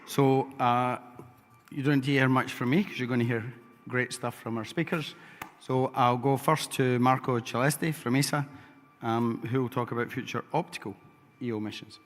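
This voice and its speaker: A man's voice: medium pitch, steady tone, normal speed, slight background noise. A man with a Scottish accent moderating a conference panel, introducing speakers in an upbeat, joking way. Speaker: session moderator. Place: large conference hall. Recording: long hall reverb.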